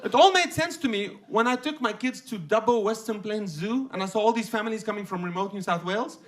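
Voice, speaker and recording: A man's voice: high voice, a little fast. A man from Lebanon doing a stand-up comedy set, punchy and self-deprecating, on a stage microphone. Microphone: handheld stage microphone.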